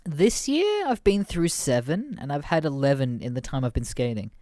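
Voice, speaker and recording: A man's voice: on the high side, very animated, moderate pace, dark tone, no echo, clean studio sound. A man voicing a boastful teenage boy skater who talks in a casual, offhand, bragging way while retelling a podcast story.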